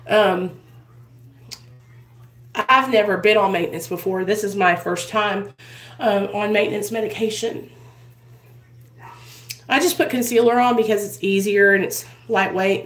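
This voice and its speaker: A woman's voice: medium pitch, roomy sound, low-quality recording. A woman vlogger telling a rambling, chatty story straight to camera, often addressing viewers as "you guys". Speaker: vlogger in addiction recovery. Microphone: built-in camera mic.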